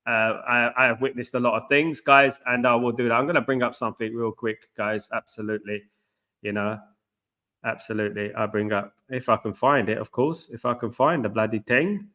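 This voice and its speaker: A middle-aged man from Britain hosts a football channel, chatting casually and repetitively with viewers he calls guys. His medium-pitched voice is bright and forceful, fairly even in intonation and a little fast.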